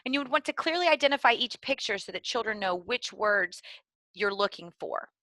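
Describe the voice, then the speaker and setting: A woman giving clear, deliberately enunciated instructional narration for preschool teachers. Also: mid-range voice, lively intonation, sharp tone, no echo. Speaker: early literacy trainer.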